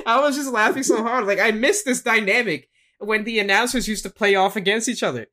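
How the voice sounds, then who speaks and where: A man hosting a wrestling podcast in casual chat, animated and laughing often as he acts out quotes. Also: high voice, fast. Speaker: podcast host.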